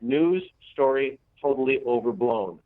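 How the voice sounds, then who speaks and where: A man's voice: mid-range voice, measured pace, no echo, lightly acted. A man doing an impression of a brash male politician reading out a tweet. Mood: dismissive. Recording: dry, tinny phone-like radio audio.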